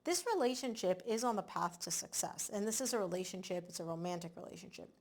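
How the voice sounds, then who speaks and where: A woman giving a casual tarot reading to camera, animated and emphatic, often repeating words for stress. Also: lowish voice, quick pace. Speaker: tarot reader.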